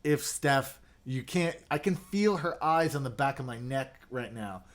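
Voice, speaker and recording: A man's voice: mid-range voice, lively intonation, measured pace. A man hosting a casual livestream, chatting loosely and reading out viewer comments with lots of fillers and restarts. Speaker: livestream host. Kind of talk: casual live chat.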